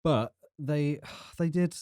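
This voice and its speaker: A man co-hosting a podcast, chatting casually in an animated way with slang. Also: fairly high pitch, slow pace, no echo, clean studio sound. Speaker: podcast co-host. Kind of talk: casual chat.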